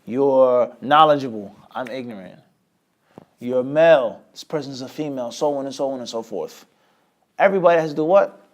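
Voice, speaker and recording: A man teaching an Islamic lesson, often asking a rhetorical question and answering it himself, with sudden swings between loud and quiet. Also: medium pitch, moderate pace, dull audio. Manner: lively, with many sudden rises and drops in loudness. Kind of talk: lecture class.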